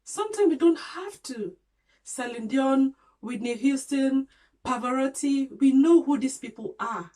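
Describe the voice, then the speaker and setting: A woman's voice: sits high, animated, a little slow, dark tone, poor audio. A woman vlogger giving an earnest, encouraging talk to camera, loosely spoken with restarts and small grammar slips, repeating her points for emphasis.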